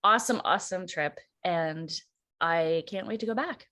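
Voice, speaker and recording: Female co-host, casual chat, animated storyteller who slips into quoted voices. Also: fairly low pitch, normal speed. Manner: animated, acts out quoted voices, laughs often. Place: church.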